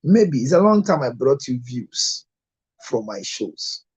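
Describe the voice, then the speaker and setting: Ghanaian male TV pastor, mellow husky tone, preacherly sign-off with ads. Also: medium pitch, big pitch swings, highs cut off. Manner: preacherly, repeats phone numbers slowly. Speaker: pastor and TV counselor. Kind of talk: closing blessings and product ads.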